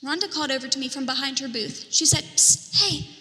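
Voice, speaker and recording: A woman performing a dramatic storytelling monologue as a market merchant in a church play, animated, with whispered asides. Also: high-pitched, fast talker, slight background noise. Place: church sanctuary. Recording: reverberant church hall.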